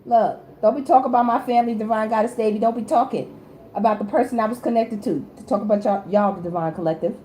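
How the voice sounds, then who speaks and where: A woman's voice: fairly high pitch, fast talker, dark tone, reverberant, a little hiss or hum. A woman host giving a casual tarot reading to camera, chatty and teasing, laughing often and talking in loose slang. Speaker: tarot reader and channel host.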